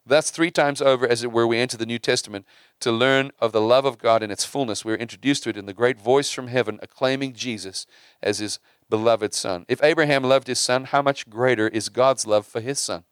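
A man preaching a sermon, repeating and restarting words and swinging from hushed to emphatic. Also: medium pitch, a little fast, clean tone, dry recording, clean studio sound.

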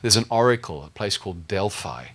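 A man's voice: on the low side, expressive, brisk, husky. A male pastor preaching a sermon in a conversational, humorous way, often asking the congregation questions.

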